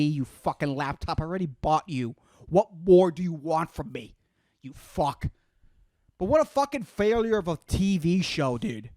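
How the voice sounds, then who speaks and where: Man ranting with wildly swinging pitch. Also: a little mellow, no room sound. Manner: profane, ranting, heavy use of "dude". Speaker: podcast host. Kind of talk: solo comedic rant.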